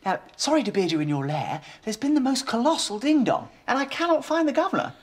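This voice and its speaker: An actor playing a breezy young aristocratic son who talks in chatty upper-class slang. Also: male voice, extremely high pitch, big pitch swings, fast, exaggerated voice. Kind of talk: period TV comedy acting.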